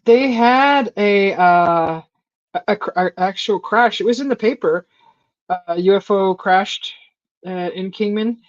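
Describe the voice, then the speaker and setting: A woman in casual chat, rambling through a story and acting out quotes in a higher voice, on a stream mic. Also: unhurried, no room sound. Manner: rambling storyteller, acts out quotes with a high voice and laughs. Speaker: stream host. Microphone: streaming call mic. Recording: dull lo-fi stream audio.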